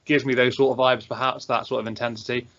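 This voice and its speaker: A man's voice: mid-range voice, flat delivery, fast talker, fairly bright tone. A man hosting a casual wrestling prediction chat, hesitant and often correcting himself. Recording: dull lo-fi sound.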